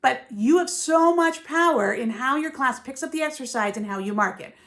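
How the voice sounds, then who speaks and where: Emphatic ballet teacher woman, fairly high voice. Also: lively intonation, normal speed, fairly bright tone. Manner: emphatic, musical, often checks in with "yeah?" and "right?". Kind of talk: teaching tips to camera, with sung counts.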